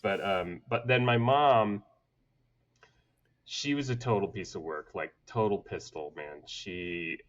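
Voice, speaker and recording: Low-voiced man from Atlanta, podcast guest, relaxed storyteller, slightly muffled audio. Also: takes it slowly. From United States (grew up in Atlanta). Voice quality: relaxed, laughs often while telling stories. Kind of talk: casual conversational storytelling.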